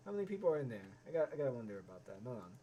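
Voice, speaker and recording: A man's voice: medium pitch, sing-song, very fast, dark tone, lo-fi sound, a little hiss or hum. A man giving live reaction commentary, ranting and swearing with many stammering restarts. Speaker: reaction streamer.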